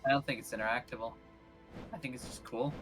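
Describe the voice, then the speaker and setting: A man's voice: mid-range voice, fairly even intonation, fast talker, fairly bright tone, faint music behind. A man streaming a game with a friend, making wry jokes in casual chat. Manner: joking, wry asides.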